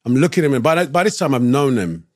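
A man with a London English accent, a guest telling relaxed anecdotes in an interview with slangy asides. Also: medium pitch, quick pace, dry recording, clean studio sound. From England. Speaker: actor guest. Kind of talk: casual interview storytelling.

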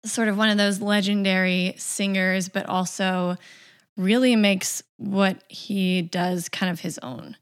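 Relaxed woman co-host, laughs easily, pokes fun at herself. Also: mid-range voice, slow, clear, resonant tone. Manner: laughing, self-deprecating, easygoing. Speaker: podcast co-host. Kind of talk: casual music chat.

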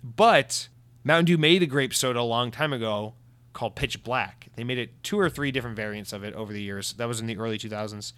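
A man's voice: medium pitch, brisk, a bit bright. A man hosting his own podcast, chatting casually through listener comments, rambling and correcting himself as he goes, with the odd swear. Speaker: podcast host. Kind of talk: casual solo podcast chat.

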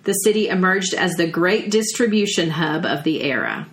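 A woman's voice: lowish voice, sing-song, moderate pace, hardly any pauses. A woman with a Southern US accent co-hosting a podcast, chatting and reading from an article with folksy exclamations. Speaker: podcast co-host. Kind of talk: casual chat, reading from an article.

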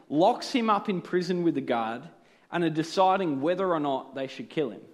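A man preaching a sermon in an earnest, explanatory way, often asking rhetorical questions. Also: on the high side.

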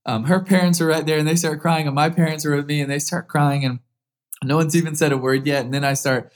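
His voice is slightly high and he talks fast. He's in his thirties, an ex-quarterback, guesting on an interview and telling a sincere personal story that gets more energetic as it unfolds.

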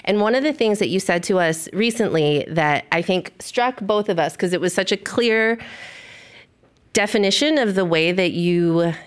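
A woman's voice: medium pitch, moderate pace, clean tone. A woman co-hosting a live stage conversation in an enthusiastic, gushing way. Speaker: podcast co-host. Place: stage before a live audience.

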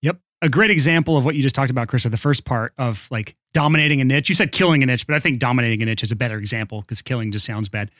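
A man's voice: medium pitch, racing, few pauses, fairly bright tone, no room sound, clean studio sound. A man co-hosting a podcast, reading an upbeat ad and then chatting casually and joking with his co-host. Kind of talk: casual podcast chat and read ad.

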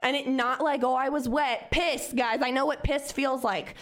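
Animated young woman telling a story. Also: sits high, moderate pace. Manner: animated, swears freely, acts out quoted voices. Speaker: podcast guest. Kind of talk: casual storytelling.

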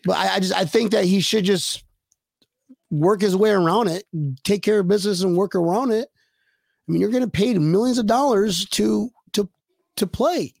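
A man's voice: high voice, moderate pace, creaky, a little mellow, no echo, clean studio sound. A man co-hosting a casual sports podcast, rambling and joking, often repeating words as he starts his thoughts. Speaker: podcast co-host.

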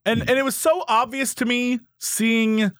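A man co-hosting a podcast in casual chat, animated, acting out quotes in different voices. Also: very high-pitched, unhurried, no echo, clean studio sound. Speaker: podcast co-host.

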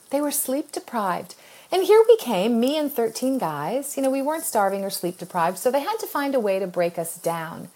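A woman's voice: fairly high pitch, slightly rough. A middle-aged woman from the United States, an author telling a personal story in an interview with earnest feeling and frequent laughter. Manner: expressive, earnest, laughs often while telling. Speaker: author guest.

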